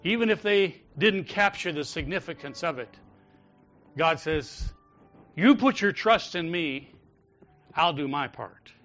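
A pastor preaching a sermon in a church, rising to loud calls and dropping to soft, prayerful tones. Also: male voice, on the high side, expressive, measured pace, pauses often, dull audio, faint music behind. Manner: swings from loud exhortation to soft intimate prayer. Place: church sanctuary.

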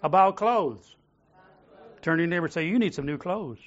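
Man preaching a lively sermon, lo-fi. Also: a little high, normal speed. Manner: rhetorical questions, calls on the congregation to repeat phrases. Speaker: pastor. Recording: dull lo-fi sound.

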